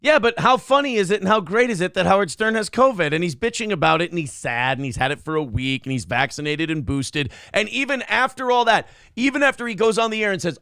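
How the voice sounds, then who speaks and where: Gravelly, sardonic radio host. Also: male voice, high-pitched, expressive, brisk, few pauses, no room sound, clean studio sound. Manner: loud, sardonic, shouting rants. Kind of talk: casual talk show banter.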